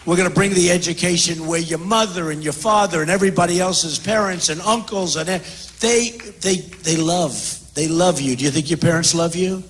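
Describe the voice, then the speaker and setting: A man's voice: on the high side, normal speed, a bit bright, slight background noise. An older man running for president, answering audience questions in a rambling, repetitive, boastful way at an indoor town hall. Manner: repetitive, boastful, keeps repeating phrases. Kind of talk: off-the-cuff rally speech.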